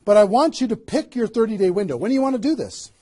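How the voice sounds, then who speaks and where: A man giving a motivational seminar talk as a network marketing trainer, energetic and emphatic, firing rhetorical questions at a live audience. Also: sits high, fast.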